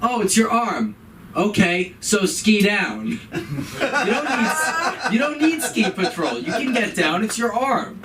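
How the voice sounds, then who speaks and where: A man voicing his brusque, impatient middle-aged mother in a raised pitch during a stand-up bit. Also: very animated, slow pace, far from the mic, over a noisy crowd, heavily acted. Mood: dismissive. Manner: pushy, dismissive.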